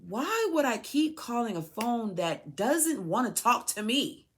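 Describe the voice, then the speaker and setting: A woman's voice: on the high side, sing-song, a little slow. A woman speaking in an emotional personal monologue to her son, aggrieved and pleading, repeating herself for emphasis. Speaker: podcast host, mother addressing her son.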